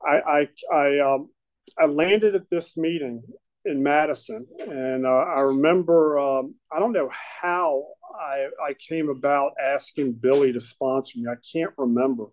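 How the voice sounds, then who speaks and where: A man sharing his recovery story at a meeting, talking haltingly with many fillers and restarts. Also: fairly high pitch, a little mellow, poor audio. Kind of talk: personal testimony at a recovery meeting.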